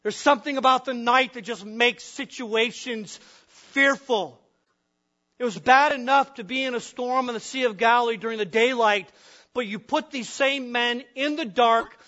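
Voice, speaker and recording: A man from the upper Midwest preaches a sermon with a high, bright voice. He keeps asking the congregation questions and voices the frightened men of the story himself. The recording is dull and lo-fi, with a faint hum underneath. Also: normal speed. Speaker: pastor.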